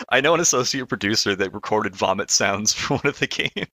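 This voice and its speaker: A man with a low, bright voice chats as a podcast guest about making games. He pauses and hedges, laughs often, and sounds relaxed. The sound is close and dry. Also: dry recording. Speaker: game developer guest. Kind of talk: casual podcast chat.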